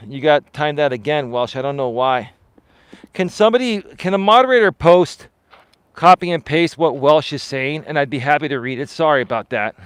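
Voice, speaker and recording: A man's voice: on the high side, smooth, dry recording. A man, a life coach, chatting casually on a livestream while out walking, reading viewer comments and answering them. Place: outdoors on a walk.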